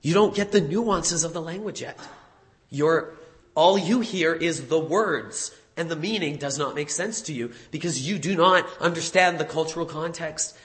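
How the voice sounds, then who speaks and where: Speaking at a normal speed in a voice on the high side, a man preaches a conversational sermon. He corrects himself now and then and stresses words with animated emphasis.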